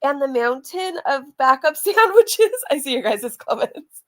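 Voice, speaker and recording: A woman's voice: high voice, very animated, unhurried. A woman hosting a casual reaction channel, chatting to her viewers and laughing often.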